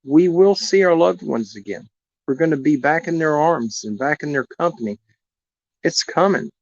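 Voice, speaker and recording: A man's voice: on the high side, animated, moderate pace, gravelly, no echo. A man, telling a heartfelt personal story in a rambling, earnest way to viewers on his live stream. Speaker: animal rescue host on a live stream. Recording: dull lo-fi live stream audio.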